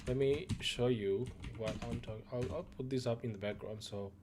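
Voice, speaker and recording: A man running a gaming news show talks to viewers in an easygoing, meandering way full of fillers, occasionally coughing as his voice gives out. He has a mid-range voice at a moderate pace, with a noisy background.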